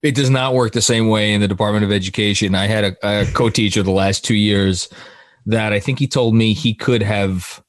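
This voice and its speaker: A man's voice: fairly low pitch, steady tone, a little fast, no room sound. A man hosting a casual sports podcast, rambling with frequent laughs and restarted sentences. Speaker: podcast host.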